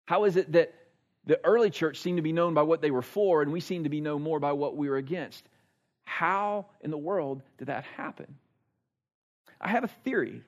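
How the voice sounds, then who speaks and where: A man's voice: a little high, animated, moderate pace. A man in his forties preaching a sermon in an earnest, conversational way, repeating phrases for emphasis. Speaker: pastor. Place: church service.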